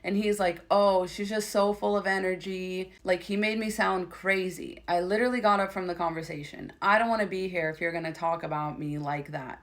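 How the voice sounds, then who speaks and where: A woman's voice: fairly low pitch, steady tone, a little fast, few pauses. A woman giving emphatic, opinionated commentary on a reality show, reading out quotes and reacting to them. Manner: reads quotes aloud, then opinionated and emphatic. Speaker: commentary creator.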